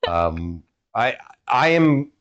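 A man's voice: medium pitch, big pitch swings, extremely slow, dull audio, very noisy. A man from Texas co-hosting a casual podcast chat, chatty and prone to restarts. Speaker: podcast co-host.

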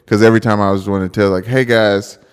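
A man with a fairly low voice, talking casually on a podcast. He riffs quickly and throws in references as he goes. A long reverb hangs on the recording. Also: flat delivery, clean tone. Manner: quick chatty riffing with pop-culture asides. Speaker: podcast co-host. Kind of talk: casual chat.

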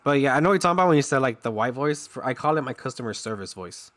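A man in a casual conversation who laughs often and talks quickly and playfully. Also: mid-range voice, animated, fairly bright tone. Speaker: streamer. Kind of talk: casual chat.

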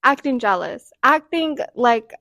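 A young woman chatting on a podcast in a bright, fairly high voice. She talks in an animated, rambling way and laughs often. The sound is dry and close. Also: a little slow, no room sound. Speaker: podcast co-host. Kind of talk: casual chat.

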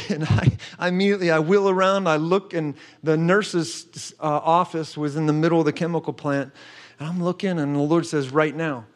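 A middle-aged man telling an animated faith testimony, excitable and emphatic, acting out what people said. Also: on the high side, moderate pace. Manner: excitable, emphatic, acts out quotes with gasps and laughs.

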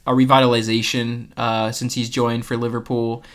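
A man's voice: medium pitch, little pitch movement, normal speed. A man co-hosting a casual sports podcast, talking in an earnest way full of ums and restarts. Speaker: podcast co-host.

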